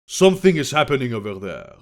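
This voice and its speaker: A man's voice: mid-range voice, very animated, fast, natural voice. A man voicing a sardonic male intelligence officer who speaks dryly with a faint edge of sarcasm.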